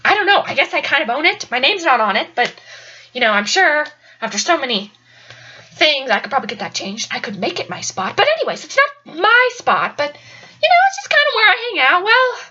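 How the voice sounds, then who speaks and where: A woman's voice: high-pitched, sing-song, a little fast, sharp tone, dull audio. A young woman telling a casual personal story in a chatty, rambling way with lots of fillers. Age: young adult. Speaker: college student storyteller.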